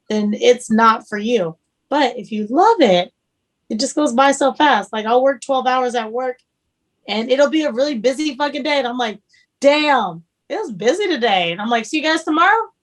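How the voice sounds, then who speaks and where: A young woman chef as a podcast guest, speaking candidly and casually, swearing now and then. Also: fairly high pitch.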